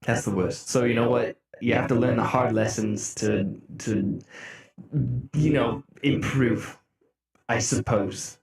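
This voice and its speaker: A young man streaming live, chatting casually with his viewers, laughing often and breaking into mock-outraged shouts. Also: medium pitch, steady tone, takes it slowly. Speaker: music streamer. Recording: roomy echo.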